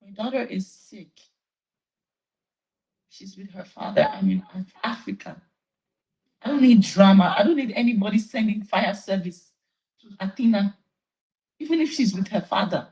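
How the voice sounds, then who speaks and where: A woman's voice: medium pitch, moderate pace, pauses often, warm tone, husky, poor audio. A woman on a live stream, tired and tearful, pleading with her fans. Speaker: livestreamer addressing fans.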